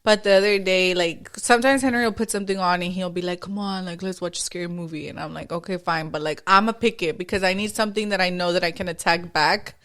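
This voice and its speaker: A woman's voice: on the low side, fast talker, hardly any pauses, fairly bright tone. A woman co-hosting a podcast in casual chat, laughing often and slipping phrases into her English. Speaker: podcast co-host.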